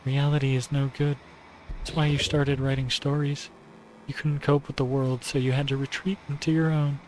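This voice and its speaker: A male streamer reading a visual novel aloud and voicing an obsessive, possessive young woman who talks to her partner in a softly adoring, controlling way. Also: medium pitch, slight background noise, voice pushed up, close to an everyday voice, low-quality recording.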